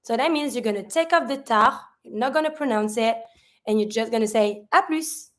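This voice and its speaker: A woman's voice: fairly high pitch, fairly quick. Chatty woman teaching French greetings. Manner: chatty, asks and answers own questions; sprinkles fillers like "like".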